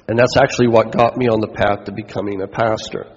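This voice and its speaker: A man's voice: on the low side, little pitch movement, fast talker, few pauses. A man who is a pastor, giving a conversational sermon and putting questions to his listeners. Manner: conversational preaching, asks the congregation questions. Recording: dull recording with long hall reverb.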